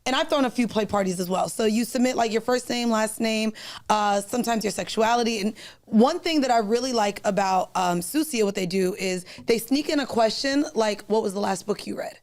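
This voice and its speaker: A woman's voice: on the high side, fairly quick, darkish tone. A woman chatting frankly and with animation, often laughing as she talks. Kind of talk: casual chat.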